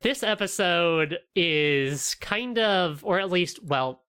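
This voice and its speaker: A woman in her twenties hosting a casual podcast, animated, swearing freely and laughing often. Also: fairly low pitch, takes it slowly, clear, resonant tone. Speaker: podcast host.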